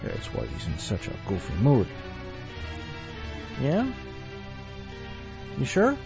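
A man hosts a story podcast, reading a tale and then rambling and joking through the wrap-up. His voice is low and mellow with plenty of lively movement. A dull, lo-fi recording carries faint music. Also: slow pace, vocal fry. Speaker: podcast host.

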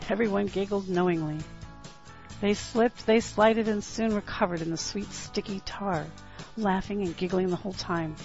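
Woman podcaster, fairly low voice, reading her story, lo-fi sound. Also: moderate pace, creaky, darkish tone, faint music behind. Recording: dull lo-fi podcast audio.

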